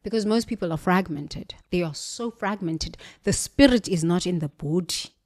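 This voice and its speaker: A woman with a British accent giving an emphatic spiritual motivational monologue, preachy, with sudden jumps in pitch and volume. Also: normal speed, a little mellow. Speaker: motivational speaker.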